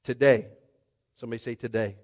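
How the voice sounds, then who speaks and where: A man preaching a rousing sermon, swinging from hushed asides to shouted climaxes. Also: medium pitch, fairly even intonation, brisk. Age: adult with a young child. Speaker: pastor.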